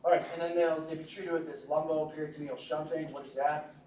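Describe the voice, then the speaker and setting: A male instructor lectures a class in a relaxed, joking way and keeps asking his students questions. He sounds set back from the mic in an echoey room. A faint hiss runs under his voice. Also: on the high side, a little fast, recorded from a distance. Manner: jokey, conversational, asks the class questions. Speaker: medical lecturer.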